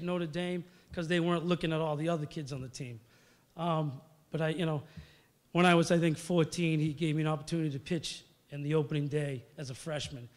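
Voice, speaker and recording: A middle-aged man giving a rambling, anecdote-filled acceptance speech at a podium microphone in a large banquet hall. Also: on the high side. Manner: rambling, storytelling, many fillers. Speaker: hall of fame inductee. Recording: long reverb of a large hall.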